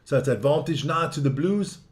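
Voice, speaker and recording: Excitable man commentating rugby live. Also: on the high side, brisk. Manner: excitable, blunt, swears at the referees. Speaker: watch-along rugby commentator. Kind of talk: casual live match commentary.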